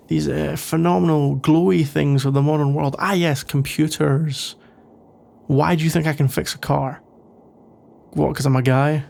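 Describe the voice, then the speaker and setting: A man playing a sarcastic young male office rival in an ASMR role-play, speaking in a dry, grumbling way with a gravelly voice. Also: fairly high pitch, darkish tone.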